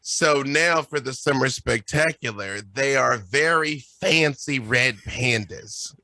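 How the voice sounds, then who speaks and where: Man, guest game master, casual chat, animated storytelling, playful, bright voice, dry sound. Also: medium pitch, dry recording. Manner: animated and playful, quick bursts with laughs.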